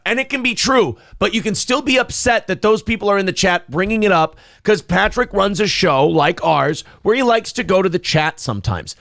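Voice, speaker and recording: Guy hosting a morning stream, high voice, bouncing all over, swears a lot. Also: moderate pace, vocal fry, few pauses, no room sound, studio quality. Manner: animated, opinionated, profane. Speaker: morning show host. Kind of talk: casual show banter, reacting to a clip.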